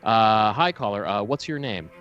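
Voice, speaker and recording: A man's voice: lowish voice, expressive, normal speed, highs cut off, faint music behind. A man co-hosting a comedic call-in show as a mock quiz host, hesitant and full of restarts. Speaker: co-host playing game-show host. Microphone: video call setup.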